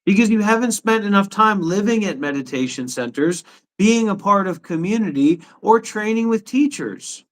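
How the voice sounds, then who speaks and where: High-voiced ranting man, stream host. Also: animated, moderate pace. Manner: ranting, swearing, indignant. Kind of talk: heated live stream argument. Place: his apartment.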